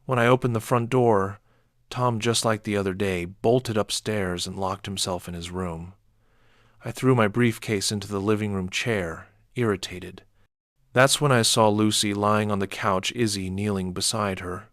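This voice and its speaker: A man reading a first-person horror story as scripted narration, measured and low-key, with sharp outbursts when quoting. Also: steady tone, no room sound, studio quality.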